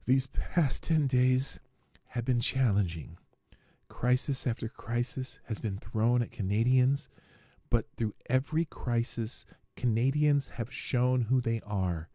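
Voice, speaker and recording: A man doing an impression of a male prime minister giving an earnest farewell speech, slow and emphatic. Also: mid-range voice, mellow, no echo, studio quality, lightly acted. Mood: solemn. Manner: slow, solemn, emphatic delivery.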